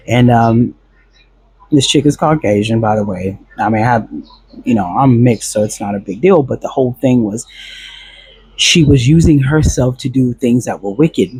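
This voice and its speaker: A man's voice: medium pitch, moderate pace, a little mellow, slightly rough, no room sound. A man recounting a past relationship in a casual, rambling storytelling monologue, full of fillers and restarts.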